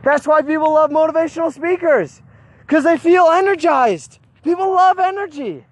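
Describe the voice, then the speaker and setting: A man telling a story in a casual monologue, animated, with frequent restarts and repeated words, recorded outdoors. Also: extremely high pitch, moderate pace, no echo.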